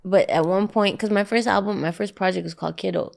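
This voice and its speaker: A woman's voice: medium pitch, fast, vocal fry. A woman, a musician guest, chatting playfully and laughing often. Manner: animated, playful, bursts of laughter. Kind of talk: casual chat.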